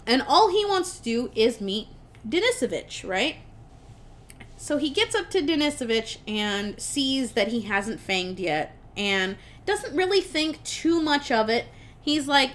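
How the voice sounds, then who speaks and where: Young woman podcast co-host, rambling casual movie recap, a touch high-voiced. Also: sing-song, a little slow, fairly bright tone. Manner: rambling, swearing, quoting characters in voices.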